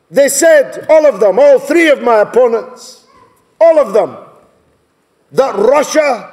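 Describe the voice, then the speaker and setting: Male orator, high-pitched, slow and deliberate, booming through a reverberant hall. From Scotland. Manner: impassioned, shouting rhetorical questions. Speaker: political speaker. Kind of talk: rousing conference speech. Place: large conference hall.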